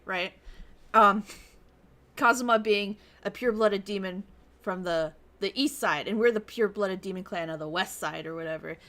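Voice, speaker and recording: Her voice is medium in pitch with a fairly bright tone as she plays through a visual novel on stream. Between reading the game's text out loud, she chats, laughs, curses without hesitation, and breaks into over-the-top rants.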